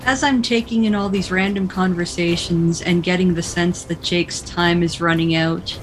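A woman playing a tabletop role-playing game, talking in a brisk and direct way. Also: on the low side, steady tone, faint music behind, low-quality recording. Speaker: player.

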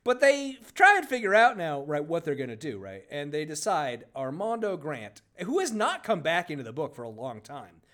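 A man's voice: moderate pace, hardly any pauses. A man co-hosting a book review podcast, chatting casually and sarcastically, reading passages aloud with mock emphasis. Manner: animated, sarcastic, jumps up in pitch for jokes. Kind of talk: casual comedic chat with read-aloud passages.

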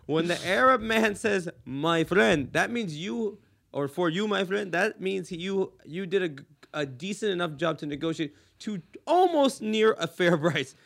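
A man in his thirties from Los Angeles with an American accent, hosting a podcast with crude, animated storytelling and frequent laughter. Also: sits high, moderate pace, vocal fry, hardly any pauses. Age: 30s. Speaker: comedian podcast host. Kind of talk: casual podcast chat.

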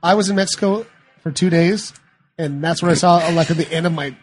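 Excitable husky high male co-host. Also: brisk, faint music behind. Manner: joking, excitable interjector. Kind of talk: casual group chat.

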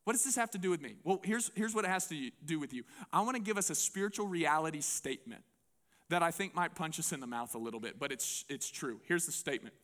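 A man preaching a sermon to a congregation in an animated, conversational way. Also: fairly high pitch, quick pace. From United States. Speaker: pastor. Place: church before a congregation.

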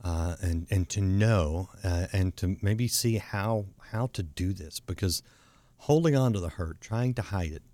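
A man's voice: low voice, measured pace. Man hosting a faith talk show. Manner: warm anecdotal, frequent restarts and repeated words. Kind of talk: casual conversational storytelling.

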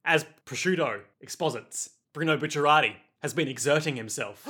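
A man's voice: a little high, animated, normal speed, few pauses, a bit bright. A young adult man casually and animatedly retelling a story with jokes as a podcast co-host. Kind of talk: casual comedic recap chat.

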